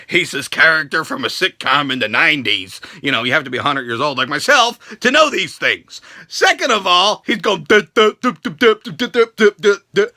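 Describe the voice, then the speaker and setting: A man's voice: high-pitched, creaky, sharp tone. A man ranting through a wrestling show recap, profane and sarcastic, jumping into silly voices to mimic the people he quotes.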